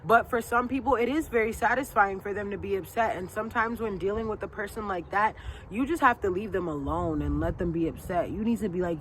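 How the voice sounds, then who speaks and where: A woman talks straight to her viewers in a loose, motivational vlog style. She hammers each point home with repetition and a slightly preachy emphasis. Her voice sits at an ordinary middle pitch, with a faint hiss under it. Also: normal speed. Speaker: lifestyle vlogger. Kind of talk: casual motivational talk to camera.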